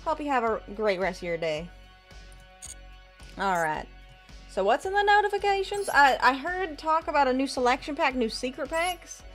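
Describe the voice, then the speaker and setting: A woman's voice: sits high, very animated, normal speed, a bit bright, soft background music. A woman game streamer chatting in a chatty, upbeat way and reading chat aloud on a live stream.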